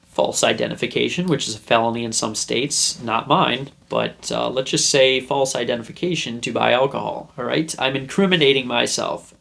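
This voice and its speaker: His medium-pitched voice is gravelly and fairly bright, moving at normal speed. The young man, hosting a self-help video, chats casually to camera and wanders through a story, playing out scenes in assumed voices.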